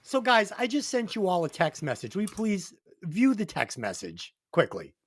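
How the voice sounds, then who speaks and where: A man's voice: high voice, huge pitch swings, moderate pace, fairly bright tone, husky, no room sound. A man hosting a music podcast, telling stories in a profane, laughing, casual way. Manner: profane, laughing anecdote teller. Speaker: podcast host, album reviewer.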